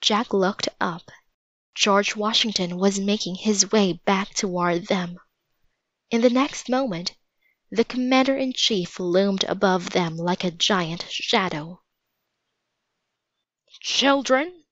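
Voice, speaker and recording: A woman reading a children's chapter book aloud in a slow, steady manner. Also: medium pitch, no echo, lo-fi sound. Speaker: storybook reader.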